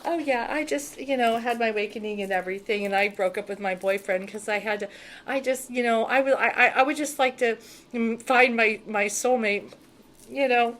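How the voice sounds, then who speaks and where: Lady playing a shy naive spiritual newbie girl, all halting and sweet, trips over every word. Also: a little high, a bit bright, lightly acted. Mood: sweetly naive. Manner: halting, breathy-sweet, stumbling over words. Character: naive, vulnerable woman spiritual seeker, hesitant and sweet.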